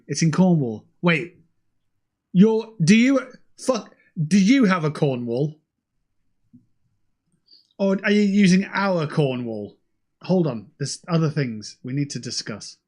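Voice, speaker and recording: A young British man chats casually to his livestream audience, cursing freely and lurching between high and low. His voice sits on the higher side for a man and moves with a lot of melodic range. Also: slow pace, long pauses. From United Kingdom. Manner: animated and sweary, jumping between high and low. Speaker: livestream host. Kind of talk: casual streamer chat.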